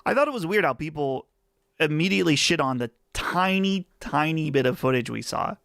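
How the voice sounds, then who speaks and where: A man's voice: a little high, animated, a little fast, vocal fry, fairly bright tone, smooth, no echo. A man with a Western Pennsylvania accent hosting a casual live chat stream, chatty and rambling on a close mic. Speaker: livestream host.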